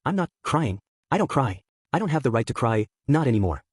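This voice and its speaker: A man voicing a grieving female witch spirit who scolds gently but loudly, in a brisk audiobook reading. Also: medium pitch, sing-song, breathy edge, dry recording. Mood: defiant. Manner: scolding yet gentle, raised voice.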